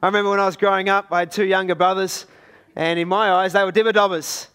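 A man's voice: sits high, level tone, fast, a bit bright, clear, resonant tone. A man with an Australian accent preaching a sermon in a conversational, storytelling way.

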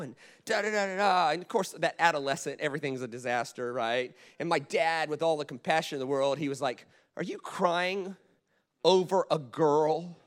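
A man preaching a sermon, talking in a loose conversational way with frequent restarts and asides to the congregation. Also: a little high. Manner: animated, repeats words, conversational asides. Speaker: pastor.

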